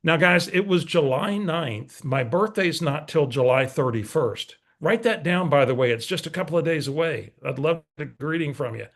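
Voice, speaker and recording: A man telling stories to a room of real estate agents, folksy and direct. His voice sits a touch high and carries a gravelly fry. He talks like a coach rallying a team. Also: normal speed, few pauses. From San Antonio, Texas. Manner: storytelling, folksy, direct to audience. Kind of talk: motivational talk.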